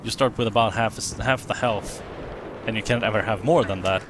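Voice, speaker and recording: Rambling man over loud game gunfire. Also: on the low side, a little fast, noisy background. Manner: rambling, self-correcting, chatty. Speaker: let's play commentator. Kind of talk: casual gameplay commentary. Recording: game audio behind voice, gunfire and vehicles. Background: game gunfire and explosions.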